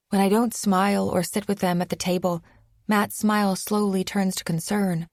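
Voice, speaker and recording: A woman's voice: mid-range voice, steady tone, moderate pace, darkish tone, no echo, studio quality. A woman narrating an audiobook in the first person, with a tense, anxious delivery. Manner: tense, anxious inner monologue.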